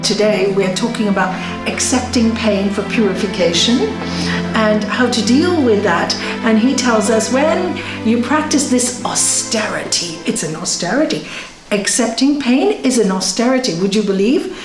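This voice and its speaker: A woman's voice: a little high, moderate pace, loud music behind the voice. A woman yoga teacher giving a conversational spiritual talk, telling stories and acting out what people said. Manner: conversational, animated, tells stories with acted quotes. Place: yoga centre hall. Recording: echoey room.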